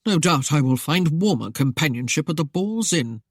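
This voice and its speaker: A woman's voice: low-pitched, lively intonation, moderate pace, dry recording, studio quality. A woman voicing a proud young sea captain who speaks stiffly and indignantly in an argument.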